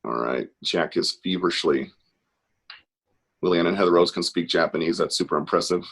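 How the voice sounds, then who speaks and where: Low-voiced man leading a live art session over video call, upbeat and encouraging. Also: a little fast, fairly bright tone, slightly rough. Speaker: host of an online art class. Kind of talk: casual live-stream instruction.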